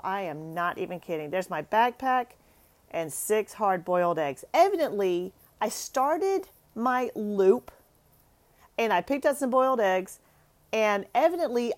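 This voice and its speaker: A woman hosting a show for moms, chatting to the camera and telling a story in an expressive way, often laughing. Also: mid-range voice.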